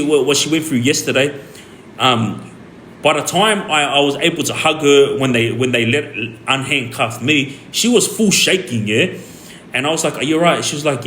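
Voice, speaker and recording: A man's voice: medium pitch, a bit bright. A man, telling his own story in a heated, rambling way, full of fillers and swearing. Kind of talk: casual storytelling monologue. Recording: echoey room with faint background noise.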